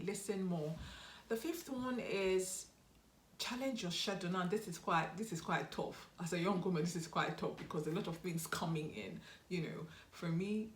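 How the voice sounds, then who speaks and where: A woman's voice: fairly low pitch, a little hiss or hum. A young woman giving earnest, encouraging advice on a motivational vlog and repeating her key points. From Nigeria. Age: young adult. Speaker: YouTube host. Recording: roomy echo.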